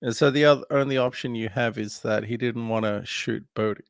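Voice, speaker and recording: A man's voice: medium pitch, fairly even intonation, moderate pace, gravelly, clean tone, no echo, clean studio sound. A man co-hosting a film podcast, retelling a movie in a casual, meandering way with many fillers. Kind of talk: casual film recap chat.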